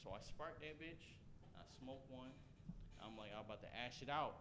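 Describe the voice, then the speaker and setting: A young Canadian man performing a stand-up set, telling a loose, profane story with animated bursts. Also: medium pitch, moderate pace, slight background noise. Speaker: stand-up comedian. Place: comedy stage before a live audience.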